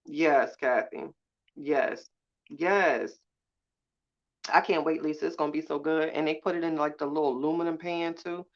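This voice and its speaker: A woman's voice: low-pitched, fairly even intonation, moderate pace. A woman hosting a casual live chat with viewers, sassy and blunt, cursing freely and laughing often. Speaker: live-stream host. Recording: slightly dull lo-fi sound.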